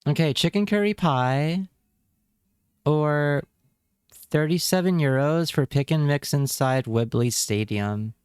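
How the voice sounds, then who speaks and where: A man's voice: on the high side, takes it slowly, darkish tone, clean tone, no room sound, studio quality. A man streaming live, chatting casually with his viewers and reacting with wry remarks and repeated words.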